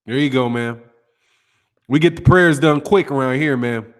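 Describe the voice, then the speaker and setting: A man's voice: medium pitch, moderate pace, clear, resonant tone. A man hosting a casual boxing live stream, reading out viewer names and comments in loose, slangy talk. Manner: loose, slangy, greets chatters one by one.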